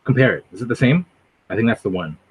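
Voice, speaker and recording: A man's voice: on the low side, fast talker, slight background noise. A man chatting casually on a livestream, rambling and hopping from one thing to the next. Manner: rambling, animated, jumps between topics. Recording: dull lo-fi recording.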